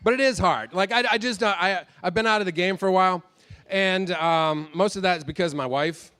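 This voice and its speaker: A man's voice: high voice, brisk, bright, forceful tone, smooth. A man doing a rambling stand-up set, talking about himself, swearing often and correcting his own jokes. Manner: rambling, self-deprecating, swears a lot. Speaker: stand-up comedian.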